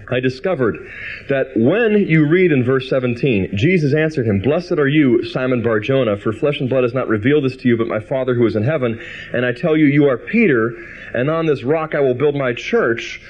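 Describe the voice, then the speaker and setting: A man teaching through a Bible passage, his pitch swinging up and down with real animation. He reads the verses slowly and deliberately, then speeds up as he explains. The recording sounds dull and lo-fi. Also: a little mellow.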